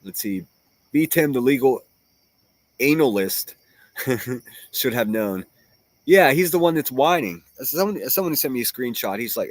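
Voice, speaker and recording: A man's voice: mid-range voice, expressive, unhurried, pauses often, no room sound. Profane, mocking man ranting on a livestream. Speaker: livestream host reading chat. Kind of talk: casual livestream rant.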